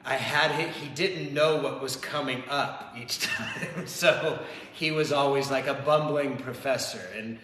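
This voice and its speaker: A man's voice: medium pitch, fairly even intonation, measured pace, hardly any pauses, fairly bright tone. A man in casual chat over drinks, teasing his companion and laughing often. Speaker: co-host. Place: home bar. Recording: echoey room with long reverb, faint hiss.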